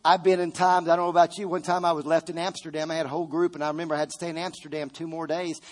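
A man's voice: a little high, flat delivery, rapid-fire. A middle-aged man preaching a fervent sermon. He calls out to the congregation and repeats phrases for emphasis. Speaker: pastor.

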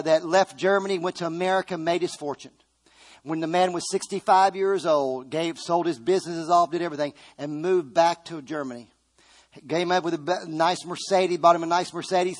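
A man preaching a sermon, earnestly retelling a story with quoted dialogue. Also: fairly high pitch.

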